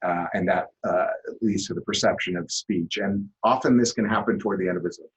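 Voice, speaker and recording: A man giving a classroom lecture, explaining at a relaxed pace with lots of "uh" fillers. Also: sits low, a little fast, poor audio.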